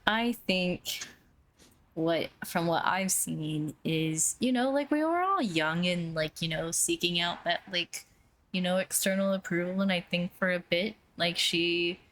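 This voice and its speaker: A woman's voice: fairly low pitch, animated, a little slow, fairly bright tone, a little hiss or hum. A young woman playing a tabletop game, chatting casually in a rambling style full of fillers. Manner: rambling, filler-heavy, giggly. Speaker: player. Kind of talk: casual tabletop role-play chat.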